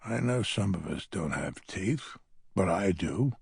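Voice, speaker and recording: A man reads a first-person audiobook at a very slow, unhurried pace, in a wry and grumbling tone. His voice is gravelly and husky, and the recording is dry and close. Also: deep voice, expressive, a little mellow, dry recording. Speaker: audiobook narrator.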